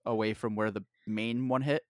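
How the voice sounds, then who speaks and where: A man's voice: lowish voice, fairly even intonation, normal speed, no room sound, studio quality. A man chatting casually, rambling and joking with loose, profane talk. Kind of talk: casual chat.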